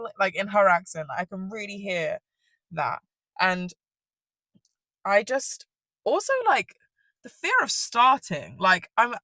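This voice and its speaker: A woman's voice: fairly low pitch, fairly bright tone, dry recording. A woman ranting casually to camera, rambling and self-deprecating, swearing often and laughing at herself. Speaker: vlogger.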